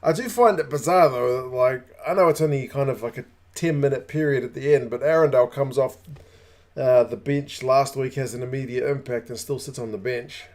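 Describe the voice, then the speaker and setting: A man's voice: mid-range voice, a little fast, darkish tone. A man hosting a live rugby watch-along, chatting casually, rambling and greeting viewers by name. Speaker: rugby channel host.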